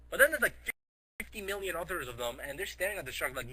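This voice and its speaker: A man telling a rambling, silly story in an excitable way, leaning on fillers like "like". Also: sits high, fast, no room sound, rough recording.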